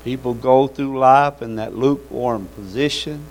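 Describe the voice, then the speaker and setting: A man's voice: mid-range voice, measured pace, low-quality recording. A man preaching a sermon in a folksy, fervent way, calling out amens and hallelujahs.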